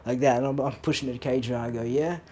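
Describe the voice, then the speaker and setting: A man's voice: medium pitch, flat delivery, racing, a little mellow, breathy edge. A young man co-hosting a podcast, telling stories in casual chat, laughing often and swearing freely. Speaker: podcast co-host.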